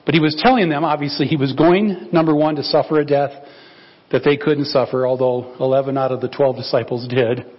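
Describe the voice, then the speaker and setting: A male pastor preaching a conversational sermon, lively and acting out dialogue from scripture. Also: medium pitch, a little fast, breathy edge, lo-fi sound. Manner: animated, acts out biblical dialogue in quoted voices.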